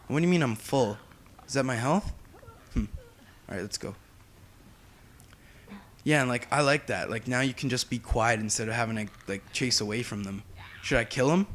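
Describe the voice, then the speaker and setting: A man giving chatty, excitable commentary while he plays a video game. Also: medium pitch, slight background noise. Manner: excitable, chatty, quick to exclaim. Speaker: gameplay commentator. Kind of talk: casual let's-play commentary.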